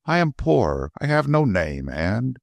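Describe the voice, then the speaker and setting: A man's voice: mid-range voice, sing-song, measured pace, gravelly, dry recording, pitched above the performer's own voice. A man voicing a tearful, joyful young woman. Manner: emotional, breathless with joy.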